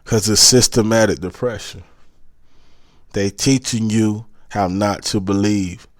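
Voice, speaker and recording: A man's voice: on the low side, steady tone, measured pace, dry recording, studio quality. A man from South Carolina with a Southern accent, hosting a podcast and giving a preachy, motivational monologue that keeps repeating its urgings. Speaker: podcast host.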